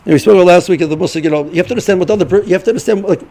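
A middle-aged man giving an informal Torah lesson, halting and repeating words as he restarts sentences. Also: high voice, dark tone, poor audio. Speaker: yeshiva rebbe giving a shiur.

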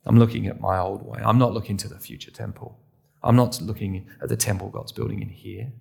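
A man's voice: fairly low pitch, steady tone, fairly quick, gravelly, slightly rough. A man from England, a pastor, preaching a sermon with candid, self-deprecating storytelling.

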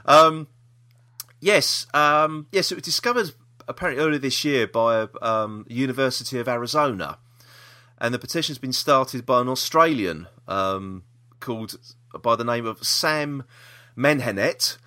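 A man's voice: mid-range voice, a little slow, bright, forceful tone. A man co-hosting a casual podcast chat, rambling with restarts and laughter. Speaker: podcast co-host.

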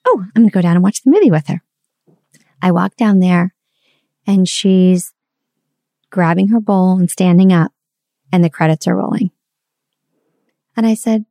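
A woman's voice: medium pitch, moderate pace, long pauses, mellow, dry recording, clean studio sound. A woman in her forties sharing a candid, confessional personal story and reflecting on parenting.

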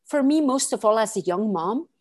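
Woman, late 40s, interview guest; earnest and emphatic, slightly high voice, lots of fillers. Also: animated, normal speed. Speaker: guest sharing her story. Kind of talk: personal storytelling in conversation.

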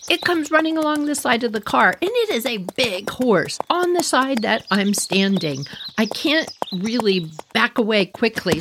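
Animated woman storyteller, noisy recording. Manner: animated, laughing, jumps high for quoted voices. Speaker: podcast host. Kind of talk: storytelling monologue.

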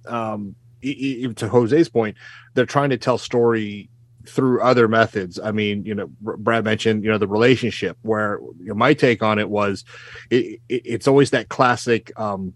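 A man in a casual film discussion who thinks aloud, halting and filling pauses as he talks. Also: mid-range voice, no room sound.

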